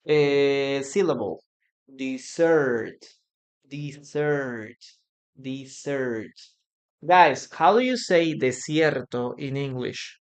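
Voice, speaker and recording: An English teacher from Peru with a Peruvian Spanish accent, a native Spanish speaker, giving a live online English lesson, repeating words to drill pronunciation and thanking viewers often. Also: medium pitch.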